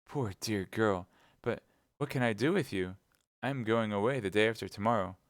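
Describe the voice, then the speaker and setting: A man's voice: on the low side, normal speed, no room sound, studio quality, natural voice. A man playing a gallant young swordsman. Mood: reassuring.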